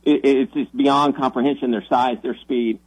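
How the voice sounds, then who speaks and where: A man who is a minister, telling a story on the radio in an animated, excitable way, often restarting his sentences. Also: mid-range voice, moderate pace, no room sound, poor audio.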